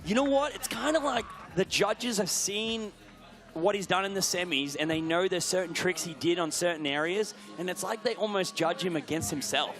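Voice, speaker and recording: A man giving live BMX commentary, excitable, often shouting and gasping at big tricks. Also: high-pitched, normal speed.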